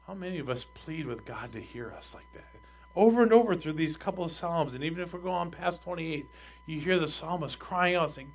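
High-voiced man preaching a sermon. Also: expressive, a little fast, breathy edge. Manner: reads scripture aloud and explains it, rising in force on the readings. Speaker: pastor.

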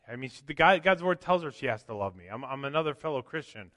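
A man preaching a sermon as pastor, swinging from loud emphatic lines to quiet asides. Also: medium pitch, expressive, fairly quick. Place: church. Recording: long church hall reverb.

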